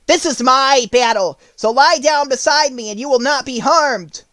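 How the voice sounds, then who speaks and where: A man voicing a brave, cheerful male scarecrow in an audiobook, speaking eagerly and loud. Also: extremely high pitch, normal speed, no room sound, pitched above the performer's own voice. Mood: bold. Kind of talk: audiobook character voice.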